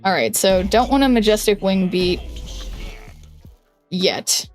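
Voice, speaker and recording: Young woman chatting on stream while she plays, lots of likes and restarts, medium pitch, faint music under her. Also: expressive, slow. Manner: chatty, thinks aloud, many "like"s and restarts. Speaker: game streamer. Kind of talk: casual stream chat while playing a card game.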